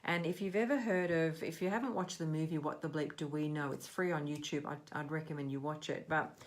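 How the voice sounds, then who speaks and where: A woman's voice: deep voice, fairly even intonation, brisk. A middle-aged woman coaching on self-worth in a casual, earnest talk, rambling and often restarting her sentences.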